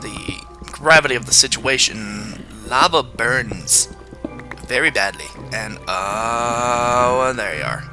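A man's voice: medium pitch, lively intonation, a little slow, over music. A man giving chatty video game commentary, joking and talking to the monsters in the game. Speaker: gamer.

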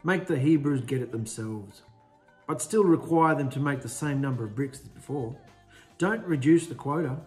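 A man's voice: medium pitch, natural voice. A man voicing a scornful, arrogant male Pharaoh who mocks and barks orders. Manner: mocking, sneering, shouting orders.

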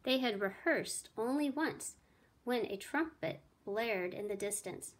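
A woman teacher reading a children's math story aloud with clear, expressive storytelling. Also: on the high side, a little slow.

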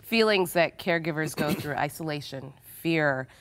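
Woman host with a lowish voice. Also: moderate pace. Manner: attentive, frequent murmured affirmations. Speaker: talk show host. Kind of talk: Christian TV interview.

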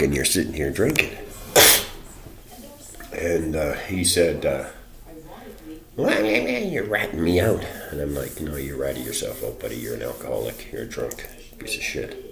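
A man with an extremely low, deep voice recounts a run-in in a loose, rambling way. He swears often and jumps into quoting the other people in short bursts. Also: gravelly. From Canada. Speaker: vlogger. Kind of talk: rambling personal account.

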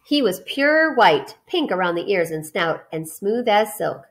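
A woman reading a children's novel aloud, expressive, with small slips and restarts. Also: medium pitch, a little slow. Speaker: reader.

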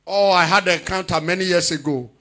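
High-voiced shouting preacher. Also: male voice, fast talker. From Nigeria. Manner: loud preaching with frequent shouting. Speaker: pastor. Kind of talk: charismatic sermon.

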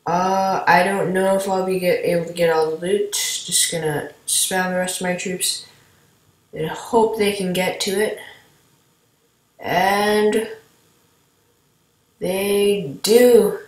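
Woman chatting slowly thru her gameplay, kinda rambly, voice a bit low. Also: fairly even intonation. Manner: rambling, chatty, talks to viewers while playing. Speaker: gameplay commentator. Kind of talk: casual gameplay commentary. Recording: echoey room.

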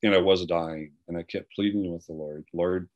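Deep-voiced older man telling his story. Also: steady tone, muffled recording. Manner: earnest, halting storytelling with many restarts. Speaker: guest speaker. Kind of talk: personal testimony.

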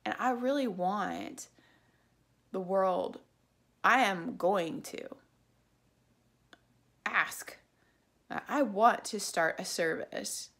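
A woman's voice: medium pitch, gravelly, a bit bright. A woman ranting indignantly in a personal vlog about a service she feels cheated by, repeating herself as her anger builds. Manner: indignant, repetitive, drops to whispers when praying. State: angry. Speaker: customer complaining about a web host. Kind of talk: angry personal rant vlog.

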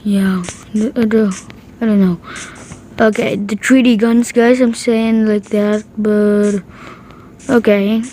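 A woman casually commenting on her own gameplay, excitable and repeating short exclamations. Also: mid-range voice, takes it slowly, a little hiss or hum, rough recording. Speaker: gaming channel host.

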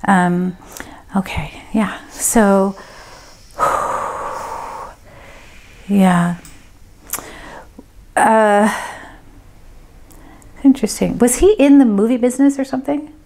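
A woman gives a medium's reading to a group, talking casually and haltingly as she thinks aloud. Her voice sits at a middle pitch. She fills her pauses with fillers as she goes. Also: mellow, slight background noise. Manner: hesitant, thinking aloud with many ums.

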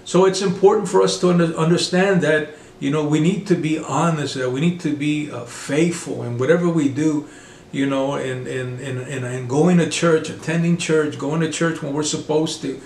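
A middle-aged man preaching a sermon, halting often with fillers and restarts. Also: a little high, steady tone, gravelly, darkish tone, echoey room, slight background noise.

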